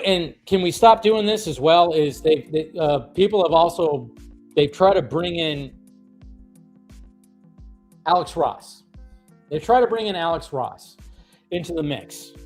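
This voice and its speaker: A man's voice: a little high, darkish tone. Rambling, exasperated male livestream host. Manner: rambling, exasperated, many fillers and restarts. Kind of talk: casual ranting livestream commentary.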